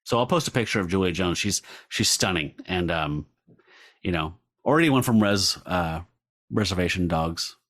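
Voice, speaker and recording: Brief: low-pitched man, podcast co-host, excitable chatter, curses freely. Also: moderate pace. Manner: excitable, animated, swears casually. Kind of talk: casual chat about comics.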